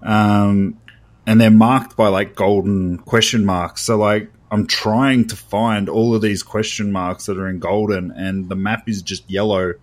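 With a fairly low pitch and fairly even intonation, the young Australian co-host talks unhurriedly on a podcast. His casual chat is laid-back and rambling, studded with fillers.

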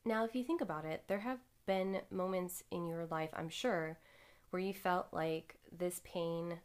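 A young woman speaks to her listeners in a candid, animated monologue, cursing casually as she goes. Her voice sits on the lower side for a woman. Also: measured pace. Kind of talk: personal storytelling monologue.

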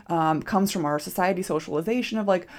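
A woman's voice: lowish voice, quick pace. A woman podcast host and nutrition coach talking casually and expressively, acting out quoted self-talk. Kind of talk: solo podcast monologue.

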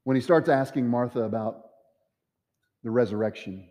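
A man's voice: mid-range voice, normal speed, mellow, big-room sound. A man preaching a sermon as pastor, acting out the quoted voices with dramatic swings. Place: church sanctuary.

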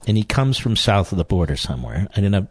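Male talk radio host, emphatic and indignant, low lively voice, dry close mic. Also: fast talker, breathy edge, no echo. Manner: emphatic, indignant, rhetorical questions. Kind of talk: political talk radio monologue.

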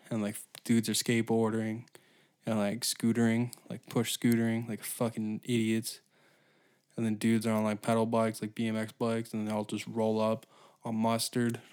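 A man's voice: lowish voice, darkish tone. A man hosting a solo comedy podcast, ranting in a crude, profane, rambling way. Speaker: podcast host.

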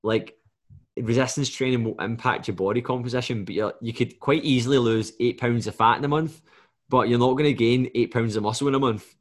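A man's voice: medium pitch, fairly quick. Male coach, podcast guest, casual and blunt, swears, mimics clients mid-sentence. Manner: blunt and swears freely, acts out clients' lines.

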